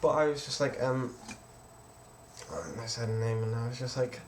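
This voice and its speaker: A man's voice: mid-range voice, steady tone, moderate pace, slight background noise. A teenage man, casually telling a personal story in a rambling vlog from his bedroom. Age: teens. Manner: casual, rambling, quotes others with "I was just like". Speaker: vlogger.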